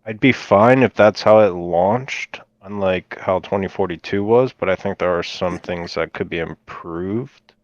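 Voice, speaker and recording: A man speaking as a podcast guest, halting and measured. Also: sits low, no echo. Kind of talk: casual podcast chat. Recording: slightly dull lo-fi audio.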